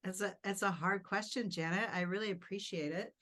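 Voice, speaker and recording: A woman on a conference panel telling a personal story with lively energy, acting out her own surprised reactions. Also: medium pitch, brisk. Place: conference room.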